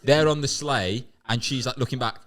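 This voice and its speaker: A man's voice: mid-range voice, moderate pace, background noise. A man co-hosting a podcast, improvising a comic film plot and often checking in with "right?". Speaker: podcast co-host. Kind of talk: improvised comedy chat.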